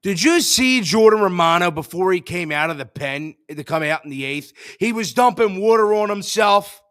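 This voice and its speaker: A young man hosting a sports show, ranting in frustration, jumping between loud outbursts and low mutters. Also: lively intonation, moderate pace, dry recording, clean studio sound.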